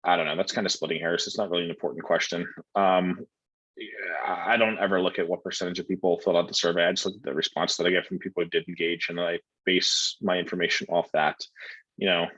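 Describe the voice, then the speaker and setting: A deep, husky man talks through student questions in a loose, blunt coaching style, full of "like" and "um". His voice sounds dry and a little dull, as if recorded on a modest mic with no room around it. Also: flat delivery, fast, fairly bright tone, no echo. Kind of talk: casual Q&A coaching talk.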